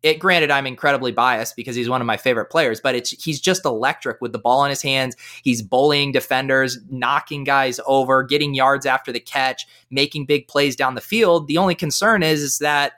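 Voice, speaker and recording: Bright, high-energy man on a podcast. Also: steady tone, brisk, few pauses. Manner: high-energy, eager talker. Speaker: podcast guest analyst. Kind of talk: casual podcast chat.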